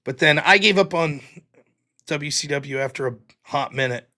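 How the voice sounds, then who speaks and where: High bright-voiced man chatting on a stream. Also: normal speed. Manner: rambling storytelling, laughs often, swears. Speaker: livestream host. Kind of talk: casual livestream chat reading chat.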